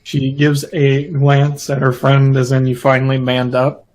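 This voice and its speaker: Slow, flat-voiced tabletop player. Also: male voice, mid-range voice, low-quality recording. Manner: slow, deliberate, hesitant. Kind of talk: describing his character's actions in a tabletop game.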